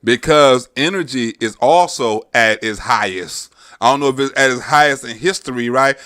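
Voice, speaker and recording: A man's voice: mid-range voice, moderate pace, sharp tone. A man hosting a livestream, delivering a profane, mocking comedic rant straight to his audience. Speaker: livestream host. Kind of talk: comedic political commentary rant.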